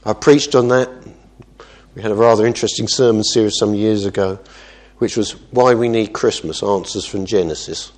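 A man preaching as a pastor, earnest, moving between quiet asides and emphatic exhortation. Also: fairly low pitch, normal speed. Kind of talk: sermon.

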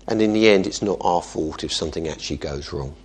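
A man preaching as a pastor, earnest, moving between quiet asides and emphatic exhortation. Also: deep voice, fast, husky. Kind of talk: sermon.

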